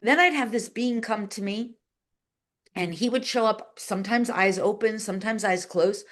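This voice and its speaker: A woman being interviewed, telling a long story in a chatty, animated way, with lots of "like" and voices acted out in quotes. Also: mid-range voice, moderate pace. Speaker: guest, channeler and animal communicator.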